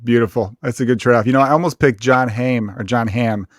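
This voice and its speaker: A man hosting a podcast and chatting casually with a guest, tossing in quick joking asides. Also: medium pitch, fairly even intonation, no echo, studio quality. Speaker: podcast host.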